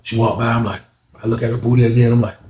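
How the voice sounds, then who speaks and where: A man telling a story in a casual, animated, slangy monologue, full of profanity. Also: mid-range voice, racing. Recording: echoey room with faint noise.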